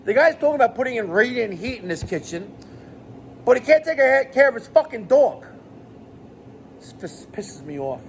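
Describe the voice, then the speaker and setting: A middle-aged man vents as a plumbing boss in a vlog. His voice sits high and gets animated and exasperated, with plenty of swearing. Faint background noise runs under him. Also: normal speed, pauses often. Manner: animated, profane, exasperated ranting. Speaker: plumbing business owner. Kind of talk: rant vlog to camera.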